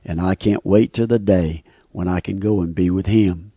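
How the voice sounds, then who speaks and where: A man's voice: deep voice, steady tone, normal speed, mellow, slightly rough, dry recording. A man giving an earnest, heartfelt personal religious testimony, often repeating his phrases. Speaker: speaker giving a faith testimony. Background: faint guitar music.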